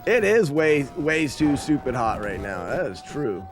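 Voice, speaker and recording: Chatty man with lively pitch. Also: unhurried, hardly any pauses, soft background music. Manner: chatty, rambling, self-correcting. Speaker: streamer and father. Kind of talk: casual gameplay live stream chat.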